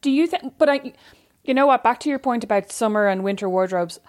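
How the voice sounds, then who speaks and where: An Irish woman co-hosting a podcast, trading quick, teasing banter in casual chat. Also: on the high side, lively intonation. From Ireland. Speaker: podcast co-host.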